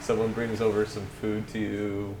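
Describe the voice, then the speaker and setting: A man with a fairly low voice narrates a tabletop game as game master, rambling loosely through the scene with plenty of fillers. The room is echoey, and a clear background hiss sits under his voice. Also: monotone, normal speed.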